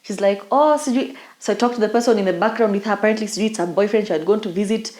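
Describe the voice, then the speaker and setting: A woman's voice: mid-range voice, fairly even intonation, very fast, darkish tone. A young Kenyan woman co-hosting a podcast, telling a story in casual chat with Swahili slang. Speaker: podcast co-host. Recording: echoey room.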